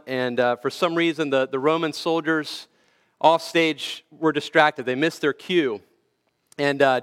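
A pastor delivering an Easter sermon, telling a long story with frequent restarts and filler words. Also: male voice, on the high side, fairly bright tone, clear, resonant tone. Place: church sanctuary. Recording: long church reverb.

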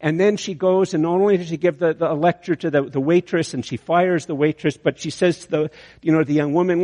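A man's voice: on the high side, fairly even intonation, fairly quick, dark tone. A man preaching a sermon, telling an illustration story with many restarts. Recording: long hall reverb.

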